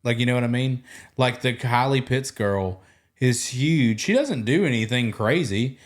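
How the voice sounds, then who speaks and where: A man hosting a podcast, telling animated stories in casual chat and mimicking other people's voices. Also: medium pitch, measured pace. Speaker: podcast host.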